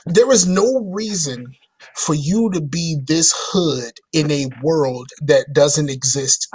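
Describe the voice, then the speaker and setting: A man co-hosting a casual podcast rambles about video games, restarting his sentences often. His voice is on the high side, slow, and darkish with a breathy edge.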